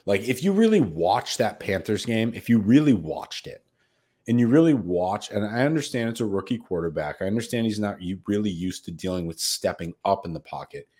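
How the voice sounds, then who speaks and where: On a sports betting podcast, a U.S. co-host riffs casually with brash, cursing, hyped energy. He has a lowish, slightly rough voice that comes across a little mellow.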